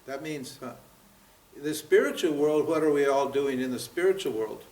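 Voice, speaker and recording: A man's voice: fairly high pitch, animated, normal speed, a little mellow. A man in his seventies giving a spiritual seminar lecture, pressing his listeners with rhetorical questions and frequent "huh?" and "what?". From United States. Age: 70s. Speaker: spiritual teacher. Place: seminar room at a yoga center. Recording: roomy, from far off.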